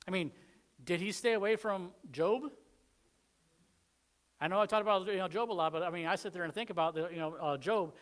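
A man's voice: high-pitched, fairly quick, pauses often, fairly bright tone. A man with a Southern American accent preaching a sermon in a conversational way, acting out the quoted lines. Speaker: pastor.

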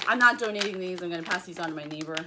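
A woman's voice: lowish voice, very fast. A woman chatting casually and upbeat as she unboxes and reviews a product, with lots of ums. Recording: audible background noise.

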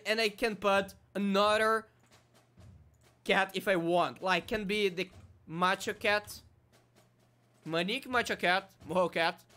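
Excitable man commenting on his game. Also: sits high. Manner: excitable, swings from muttering to shouting. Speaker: gaming YouTuber. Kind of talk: casual gameplay commentary.

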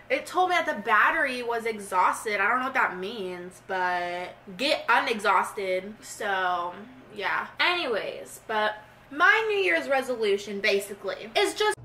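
A woman's voice: on the high side, pushed and bright, far from the mic. A young woman vlogging in a casual, rambling, giggly way. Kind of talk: casual vlog chat.

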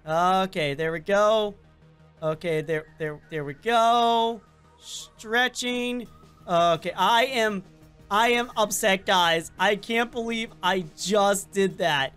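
A woman hosts a casual game playthrough in a high, bright register. She reacts loudly and dramatically to everything on screen, swinging between excited yelps and theatrical groans. Soft music plays faintly underneath. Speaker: gaming channel host. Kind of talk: casual let's-play commentary.

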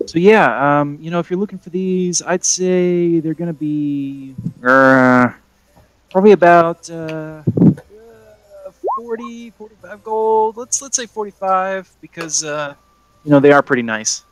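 A man's voice: a little high, expressive, measured pace, no room sound. A man voicing a friendly male weapon shop clerk who keeps trying to sell more, with lots of hesitant fillers. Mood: salesy.

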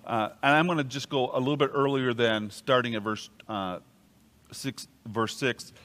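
A man, a pastor, teaching an adult Bible class in a church, reading scripture and acting out quoted speech with lively jumps in pitch. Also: normal speed. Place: church room. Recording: long hall reverb.

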